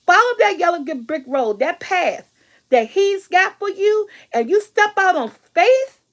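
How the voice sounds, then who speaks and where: Emphatic middle-aged woman vlogger, high-pitched. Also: big pitch swings, a little slow, fairly bright tone. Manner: preachy, emphatic, repeats lines. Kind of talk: casual motivational talk.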